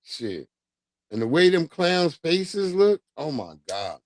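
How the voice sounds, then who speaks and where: A man's voice: fairly high pitch, very animated, takes it slowly, dry recording. A man hosting a livestream, chatting casually with viewers in a rambling, profane way and drifting off on tangents. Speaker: livestream host.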